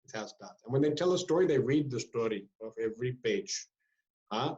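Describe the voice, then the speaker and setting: A man speaking as a swami, giving a spiritual discourse and telling stories with lively acted-out voices. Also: mid-range voice, brisk. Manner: lively storyteller who acts out people's voices. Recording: roomy, dull lecture recording.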